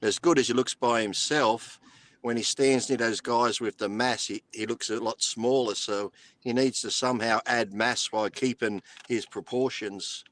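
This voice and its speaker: Guy on a bodybuilding podcast, middle pitch, crude jokey chat, laughs a lot. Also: steady tone, normal speed, fairly bright tone, no room sound. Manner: crude, joking, laughs often; former bodybuilder. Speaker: co-host.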